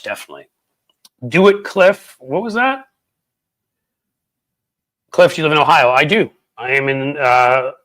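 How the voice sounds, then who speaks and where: A man hosting a live stream, chatting casually with viewers in a rambling, animated way, with lots of restarts and fillers. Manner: animated, swings in pitch and volume. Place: Cincinnati, Ohio.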